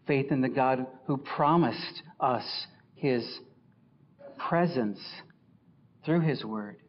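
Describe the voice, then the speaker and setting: A man preaching a sermon as pastor, rising loud for scripture and dropping low and soft for reflection. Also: slow, lo-fi sound, slight background noise.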